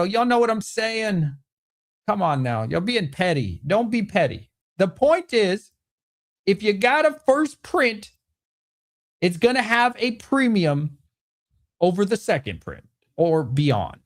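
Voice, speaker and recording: A man with an animated, bantering manner, hosting a casual livestream Q&A from home and answering chat comments. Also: high-pitched, slow pace. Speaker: host.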